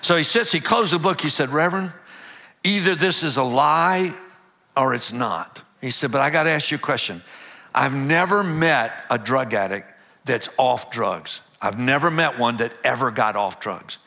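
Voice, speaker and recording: An older man, a pastor, telling a lively personal story and acting out the dialogue with laughs. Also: mid-range voice, moderate pace, creaky. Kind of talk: storytelling testimony.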